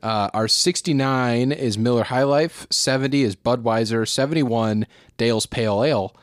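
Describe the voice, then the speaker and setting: A man's voice: medium pitch, moderate pace, dry recording. Male co-host, loose and profane, mid-range voice, dry recording. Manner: rambling, profane, chuckles often. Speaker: podcast co-host. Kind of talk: casual beer podcast banter.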